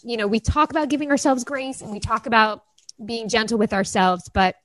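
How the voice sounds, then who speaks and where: A woman's voice: a little high, steady tone, brisk, a bit bright, rough recording. A woman in her thirties co-hosting a podcast, speaking earnestly and emotionally about her week. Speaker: podcast co-host. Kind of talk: casual chat.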